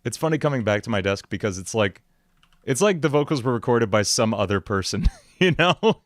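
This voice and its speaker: A man's voice: medium pitch, brisk, no echo, clean studio sound. A young man hosting a music livestream, talking in a loose, rambling way with frequent laughs. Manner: excitable, rambling, laughs often. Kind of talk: casual livestream chat. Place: home music studio.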